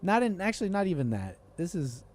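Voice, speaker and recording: A man's voice: high voice, big pitch swings, fairly quick, darkish tone. A man hosting a call-in podcast, telling a rambling story in casual talk-show style and often cutting himself off mid-sentence. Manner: rambling, self-interrupting storytelling with laughs. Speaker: podcast host.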